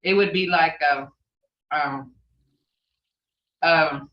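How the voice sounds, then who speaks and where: A woman's voice: low-pitched, extremely slow. An older woman teaching a casual language class, rambling a little and often asking "okay?" to check that her students follow. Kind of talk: informal online language class. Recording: echoey, distant, dull lo-fi audio.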